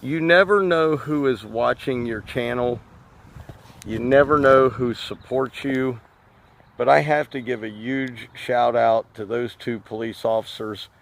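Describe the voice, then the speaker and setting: Speaking a little slowly with vocal fry, this lawn care business owner and channel host uses his mid-range voice to chat through a story to camera, addressing his viewers as guys.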